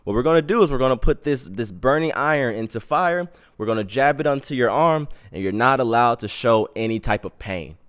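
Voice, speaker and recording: A man's voice: medium pitch, a little fast, hardly any pauses, smooth, lightly acted. A man doing a laid-back local guide. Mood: matter-of-fact. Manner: calm, matter-of-fact explaining.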